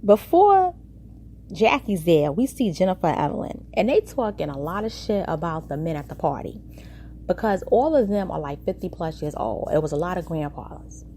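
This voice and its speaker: A woman's voice: lowish voice, lively intonation, brisk, warm tone, a little hiss or hum. A woman casually recapping a reality TV episode, chatty and gossipy, acting out the quoted lines as she retells them.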